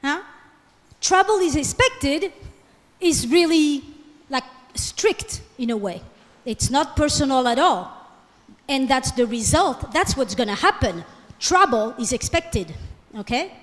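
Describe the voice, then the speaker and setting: A woman teaching French in a classroom lecture, switching between English and French and coaxing the class with questions. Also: high voice. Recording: long hall reverb.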